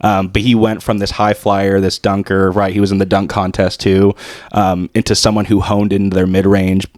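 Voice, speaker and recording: A man co-hosting a sports podcast, giving relaxed, analytical fan talk. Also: low-pitched, moderate pace, no echo, studio quality. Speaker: podcast co-host. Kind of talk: casual sports chat.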